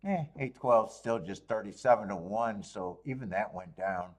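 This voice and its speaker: A man's voice: on the low side, lively intonation, moderate pace. A man hosting a live horse racing stream, chatting casually about his bets, swearing and talking to himself. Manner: swears, restarts, talks to himself while watching races. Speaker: horse racing show host.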